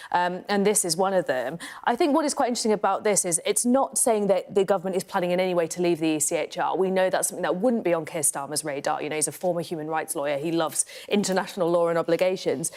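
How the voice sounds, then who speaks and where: A woman guest on a TV news paper review, giving opinions in a brisk, lively manner and laughing easily in a studio discussion. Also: fairly low pitch.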